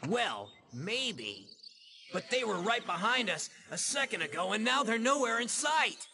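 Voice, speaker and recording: A man's voice: high-pitched, big pitch swings, unhurried, gravelly, a crowd in the background, exaggerated voice. A hammy, lovestruck young guy. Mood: earnest.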